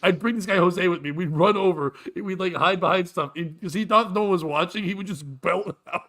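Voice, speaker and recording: A man with a slightly high voice tells a story on a casual talk show. His delivery is profane and lively, and laughter runs through it. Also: brisk. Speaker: show host and comedian.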